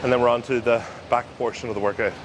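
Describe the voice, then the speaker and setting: A man giving casual, instructive commentary during his own gym workout, talking through form cues in a relaxed way. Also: mid-range voice, quick pace, very noisy. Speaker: bodybuilder and coach. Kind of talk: casual training vlog commentary.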